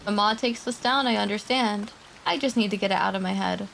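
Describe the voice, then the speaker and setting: A woman's voice: mid-range voice, brisk, gravelly, fairly bright tone, a little hiss or hum, poor audio. A woman streamer reading horror stories aloud to her live chat, with casual chatty asides in between.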